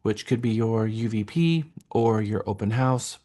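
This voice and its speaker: Running a live real estate workshop, this man directs participants in a halting way, with fillers sprinkled in. His pitch is fairly low, his pace measured, and his tone dark.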